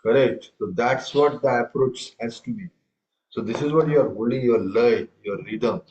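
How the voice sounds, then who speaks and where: A man's voice: mid-range voice, lively intonation, moderate pace, darkish tone, muffled recording, a little hiss or hum. A man teaching a tabla class over a video call, correcting students and reciting rhythm syllables aloud. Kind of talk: online music lesson.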